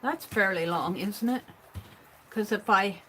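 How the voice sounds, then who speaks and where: Against a noisy background, a woman with a mid-range, unhurried voice runs a live craft stream. She talks while working, thinking out loud, letting sentences trail off and murmuring to herself.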